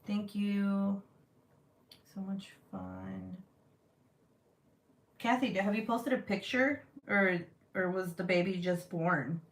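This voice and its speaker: A woman's voice: mid-range voice, slow, vocal fry, pauses often. A woman in her thirties talks casually to her viewers while she crafts, swearing freely and laughing often. She slips into little voices when she quotes people. Her voice rings off the walls of an echoey room. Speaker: vlogger chatting with live viewers. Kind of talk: casual live-stream chat while crafting.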